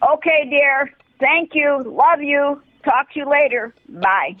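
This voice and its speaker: A woman's voice: high voice, fairly even intonation, unhurried. A woman in her eighties with a Chicago accent, leaving an effusive, swear-filled voicemail. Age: 80s. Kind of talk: voicemail message. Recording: muffled phone voicemail.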